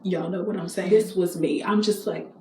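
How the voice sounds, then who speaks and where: A woman's voice: lowish voice, moderate pace. A woman vlogger telling a story in a chatty, slangy way, talking straight to her viewers with emphatic repeats. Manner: animated, emphatic repetition. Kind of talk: casual storytime. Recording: echoey room with faint hiss.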